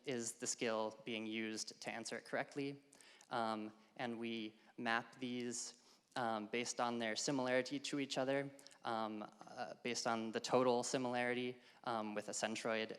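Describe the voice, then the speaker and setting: A man's voice: medium pitch, a bit bright, clean tone, long reverb tail. A man giving a casual academic slide talk to a live audience, with many ums and uhs. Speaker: workshop presenter. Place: lecture hall.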